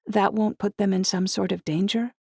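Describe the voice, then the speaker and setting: A woman voicing a teenage girl with a rough, raspy voice, earnest and anxious. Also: mid-range voice, fairly even intonation, normal speed, darkish tone, no echo, pitched above the performer's own voice. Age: teens. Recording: dry close audiobook recording.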